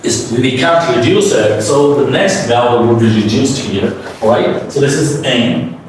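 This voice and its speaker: A man's voice: medium pitch, measured pace, slight background noise. A man teaching English pronunciation in a step-by-step lesson, often checking in with his listeners. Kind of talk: spoken classroom lesson. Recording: roomy echo, mic at a distance.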